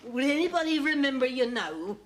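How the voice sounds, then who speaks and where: A stern older village woman who organises the flower festival, blunt and indignant. Her voice sits a little high. Faint hiss runs under the old TV soundtrack. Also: big pitch swings, brisk.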